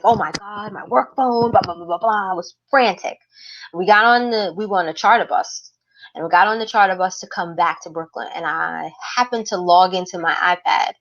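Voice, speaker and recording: A woman, a guest in a casual conversation, telling her story in an animated way and acting out what she once said. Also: fairly low pitch, highs cut off. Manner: animated storyteller who acts out her own past remarks. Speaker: interview guest, activist.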